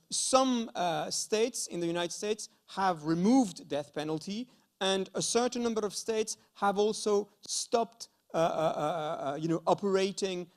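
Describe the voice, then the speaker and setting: A middle-aged man with a French accent giving a conference lecture, hesitant, with many fillers and restarts and a frequent "okay?". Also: high voice. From France. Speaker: university lecturer. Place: school conference hall.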